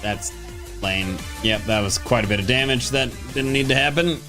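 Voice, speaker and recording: A woman streamer commentating her gameplay casually, dropping to low mutters and jumping to high excited yelps. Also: normal speed, soft background music. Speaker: game streamer.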